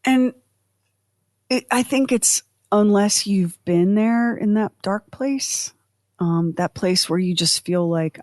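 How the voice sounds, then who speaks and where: A woman hosting a casual podcast, rambling and self-deprecating as she chats. Her voice sits in a middle pitch. The recording is close and dry. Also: slow pace, a little mellow, dry recording. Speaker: podcast host. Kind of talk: casual chat.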